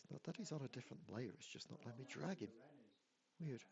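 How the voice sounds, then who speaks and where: A man's voice: medium pitch, animated, fast, vocal fry, dull audio, a crowd in the background. A man running a tabletop game as dungeon master, counting out dice rolls and reading rules, often laughing.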